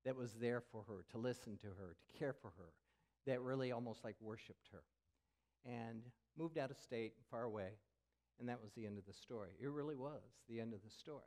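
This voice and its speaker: A man's voice: mid-range voice, a little fast, a little mellow. Older man preaching a candid personal story. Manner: candid storytelling, drops to a whisper for effect. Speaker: pastor. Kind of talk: sermon.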